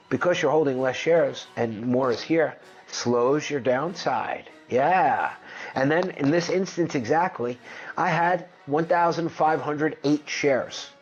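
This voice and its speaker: A man with a somewhat high voice chats loosely through a finance screen share, brash and quick to swear. He jumps from number to number in an excited, offhand way. The mic sounds a bit dull and lo-fi. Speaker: finance video host. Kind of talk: casual screen-share commentary.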